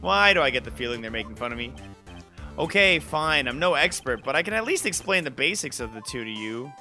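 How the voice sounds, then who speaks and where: A man's voice: mid-range voice, sing-song, a little fast, pushed and bright, faint music behind. A man reading video game dialogue aloud in a dry, slightly sardonic way for a let's play.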